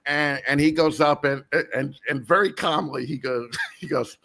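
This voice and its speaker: A man's voice: fairly high pitch, normal speed, sharp tone. A man guest hosting a casual podcast, telling a rambling story full of restarts and laughter. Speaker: guest host.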